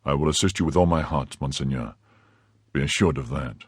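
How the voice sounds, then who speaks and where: A man voicing a loyal count who reports to his master in a brisk, confiding way. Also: extremely low pitch, breathy edge, no room sound, studio quality, voice pushed down. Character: loyal male count, eager agent, brisk.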